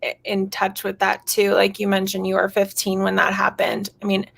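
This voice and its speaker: A woman's voice: medium pitch, completely flat delivery, normal speed, gravelly, fairly bright tone. A woman co-hosting a podcast, musing casually in long sentences. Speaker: podcast co-host. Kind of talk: casual interview chat.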